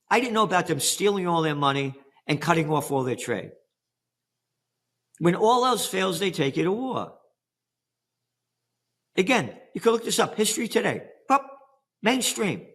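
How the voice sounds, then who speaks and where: A man's voice: on the high side, a bit bright. Older man, sarcastic rhetorical questions. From United States. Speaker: interview guest. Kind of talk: animated interview talk.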